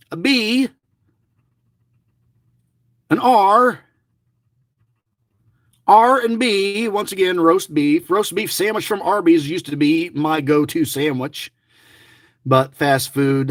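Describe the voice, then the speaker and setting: A man's voice: on the high side, dry recording, studio quality. A middle-aged man giving chatty, rambling running commentary to his viewers, grumbling and joking as he goes. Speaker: lottery scratch-off vlogger.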